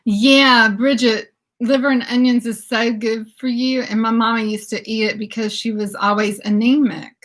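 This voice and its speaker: A woman's voice: fairly high pitch, steady tone, moderate pace. A woman in her fifties, from the southern United States, hosting a casual livestream chat, giggling often and reacting to viewers' comments. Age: 50s. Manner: giggly, exclaims "oh my goodness" often. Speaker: beauty channel host.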